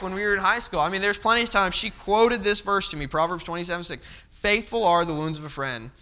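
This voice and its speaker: Young guy preaching, folksy stories, really bright sharp voice, a bit high. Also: clean tone. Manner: folksy, storytelling, acts out his dad's stern voice. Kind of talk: sermon.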